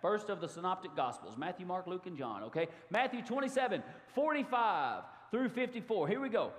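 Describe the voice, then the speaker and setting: Preacher guy, high voice, big swings and shouts, long church echo. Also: fairly quick, few pauses. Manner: animated preaching with sudden loud outbursts. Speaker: pastor. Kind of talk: sermon. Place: church sanctuary. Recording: long hall reverb.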